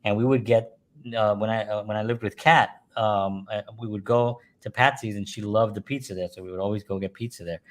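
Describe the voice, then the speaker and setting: A man's voice: lowish voice, brisk. A man, casually telling stories and chuckling as he talks. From New York. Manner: animated storyteller, chuckles while talking, puts on voices in quotes. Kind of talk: casual storytelling chat.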